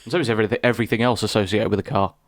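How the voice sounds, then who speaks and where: A young man, co-hosting a casual podcast chat in a relaxed, rambling way with many restarts. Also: fairly low pitch, rapid-fire. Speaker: podcast co-host.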